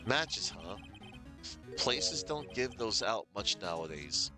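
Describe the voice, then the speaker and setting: A man voicing a sarcastic young male lawyer in a low, dry delivery, while reading a game aloud. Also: big pitch swings, slow pace, over music.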